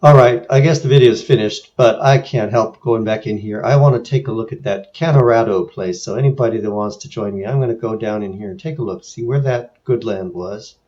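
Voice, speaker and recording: A man's voice: on the low side, fairly quick, hardly any pauses, warm tone, dull audio. A man from San Francisco narrating a casual screen tour in a wry, musing way. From San Francisco, USA. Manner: wry, musing, lightly sarcastic. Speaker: video creator. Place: home in France.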